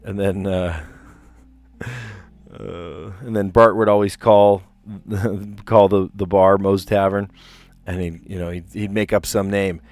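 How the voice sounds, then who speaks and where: Low-voiced man chatting through puzzles. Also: fairly even intonation, slow, long pauses, a little mellow, no room sound, faint music behind. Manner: reads clues aloud, chatty asides, amused laughter. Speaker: livestream host solving word puzzles. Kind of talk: casual livestream commentary.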